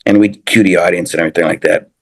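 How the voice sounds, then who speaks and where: A man's voice: low voice, steady tone, very fast. An older man, a TV personality, in casual chat, rambling through anecdotes with restarts and repeated phrases. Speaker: guest, TV personality.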